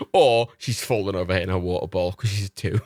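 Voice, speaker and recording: A man's voice: sits low, a little mellow, no echo. A young man hosting a livestream, chatting in a casual storytelling way, laughing often and swearing casually. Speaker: livestream host.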